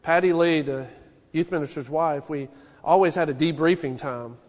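A man in his forties preaching a sermon, telling stories with an animated, folksy manner. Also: on the high side, moderate pace. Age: 40s. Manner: storytelling, animated, folksy asides. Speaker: pastor. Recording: long hall reverb.

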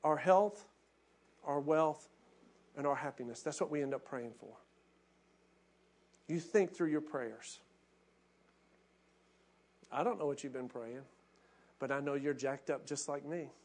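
A male pastor preaching a sermon, acting out quoted prayers with passion and dropping to hushed, reflective tones. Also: medium pitch, unhurried, long pauses.

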